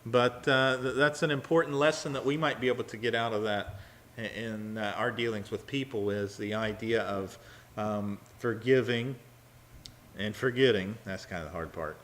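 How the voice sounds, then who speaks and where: A man's voice: lowish voice, a little hiss or hum. A man teaching a Bible study sermon in a conversational way, with frequent fillers and restarts. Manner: halting, many fillers and restarts; acts out quoted lines with a raised, louder voice.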